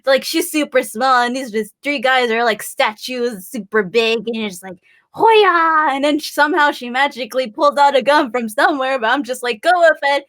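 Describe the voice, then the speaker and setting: A woman's voice: high voice, fairly quick, few pauses, fairly bright tone. A young woman from Illinois, a guest in a casual interview, bubbly and giggly, who acts out voices as she tells stories. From Illinois, USA. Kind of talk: casual chat.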